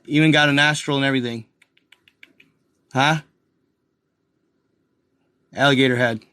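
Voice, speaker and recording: Speaking straight to his viewers as "guys" and "y'all," an excitable channel host with a drawl rambles through casual live commentary over a map. His voice is bright, pushed, and somewhat higher than typical for a man, captured close and dry with no room sound or echo.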